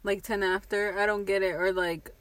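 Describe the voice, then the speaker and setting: A woman co-hosting a casual podcast who giggles often and is quick to apologize. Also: mid-range voice, little pitch movement, distant mic, a crowd in the background. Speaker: podcast co-host. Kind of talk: casual late-night podcast chat.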